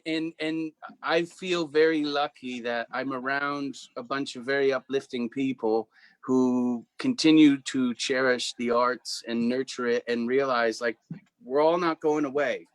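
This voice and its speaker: A man's voice: mid-range voice, a little slow, no room sound. A man, a guest musician, chatting casually and telling stories with acted-out quotes. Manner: animated storyteller, acts out quotes. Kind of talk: casual chat.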